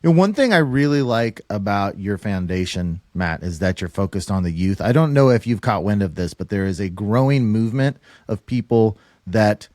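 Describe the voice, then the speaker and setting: A man's voice: on the low side, darkish tone, no echo, studio quality. A man hosting a hunting podcast, talking earnestly with his guest and speaking directly to his listeners. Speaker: podcast host. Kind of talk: casual podcast interview.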